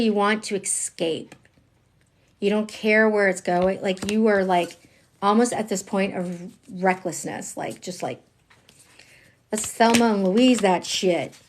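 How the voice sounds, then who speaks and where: This tarot reader speaks at medium pitch and a little slowly during her livestreamed reading. Chatty and emphatic, she drops slang and alternates between quiet asides and bursts of excitement.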